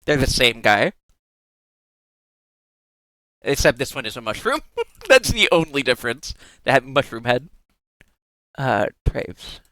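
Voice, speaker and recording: A young adult streamer talking in unhurried, casual live-stream chat. The pitch swings widely as they giggle and gush, with the odd swear thrown in. The sound is close and dry, with no room around it. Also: sing-song, bright, forceful tone, dry recording.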